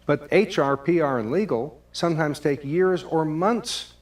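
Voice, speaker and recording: A man, a presenter giving a scripted talk on communication in a lively storytelling manner. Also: on the high side, unhurried. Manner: lively storyteller, acts out both sides of a call. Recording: distant microphone.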